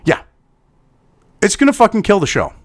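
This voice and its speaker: A man rants into the mic, heated and sarcastic, swearing with almost every phrase. His voice sits high for a man and rises and falls widely, full of indignation. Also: wildly swooping pitch, normal speed. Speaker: online commentator. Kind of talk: angry profane rant.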